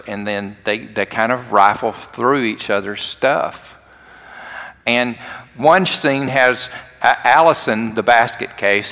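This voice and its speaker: Pastor preaching, acts out the quotes, echo hangs in a big church hall. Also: male voice, medium pitch, bright, forceful tone. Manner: storytelling, acts out quoted lines. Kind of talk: sermon. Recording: long hall reverb.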